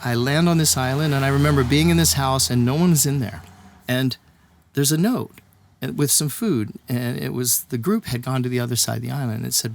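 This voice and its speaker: Laughing often, a songwriter from Texas spins a long story during an interview, performing the voices of people he quotes in an animated, conversational way as the guest. He speaks a little fast in a gravelly, mid-range voice.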